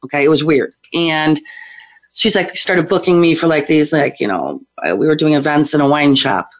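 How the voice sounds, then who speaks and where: A woman's voice: low voice, moderate pace. Hyper, chatty woman psychic guest. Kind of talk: casual talk show interview.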